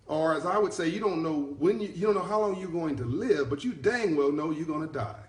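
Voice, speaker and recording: A man's voice: on the high side, animated, fairly quick, few pauses, roomy sound. A man giving a motivational talk over a live stream, repeating and building up his points like a preacher. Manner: repetitive, emphatic, preacher-like build-ups. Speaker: motivational speaker. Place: traveling, broadcasting from abroad.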